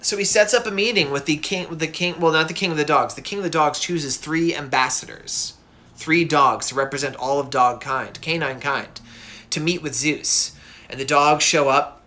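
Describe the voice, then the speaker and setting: This man's voice sits on the high side, bright and forceful, at a normal speed. He's a middle-aged cartoonist hosting a show about myths, and he tells one casually and goofily, chatting away with plenty of fillers.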